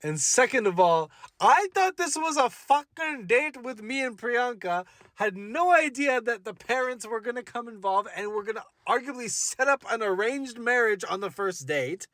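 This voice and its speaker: A man's voice: very high voice, animated, normal speed, hardly any pauses, bright, forceful tone, no echo. A young adult man, a content creator, animatedly retelling a story with self-mocking asides. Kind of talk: storytelling to camera.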